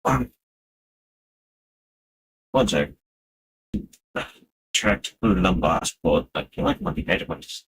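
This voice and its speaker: A man with a notably deep voice narrates his own work in loose, casual stream talk. He wanders off into playful self-talk and small word jokes between steps. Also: big pitch swings, slow pace, creaky, long pauses, fairly bright tone, a little hiss or hum. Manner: rambling, playful self-talk with wordplay asides. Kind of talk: casual live-stream talk while 3D modeling.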